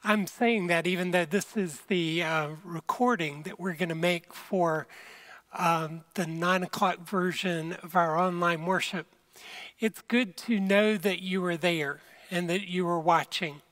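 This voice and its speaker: Slow, earnest pastor giving a sermon. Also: medium pitch, steady tone, a bit bright. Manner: earnest, unhurried, speaks to viewers directly. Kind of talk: conversational sermon.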